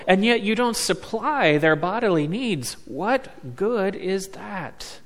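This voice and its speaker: A man preaching a sermon as a pastor, slow and deliberate, leaning on words with emphatic pauses. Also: a little high, expressive. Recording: long reverb of a large hall.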